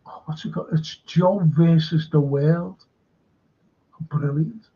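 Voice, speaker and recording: A man's voice: on the high side, slow pace, warm tone, breathy edge, highs cut off. A man hosting a live-stream current-affairs show, ranting with plenty of swearing and greeting viewers in the chat.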